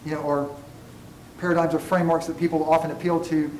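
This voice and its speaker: A college ethics instructor with a fairly high, level, darkish voice lectures quickly to a classroom, drifting into tangents and poking fun at himself. The room echoes, the mic is distant, and a faint hum of room noise runs underneath.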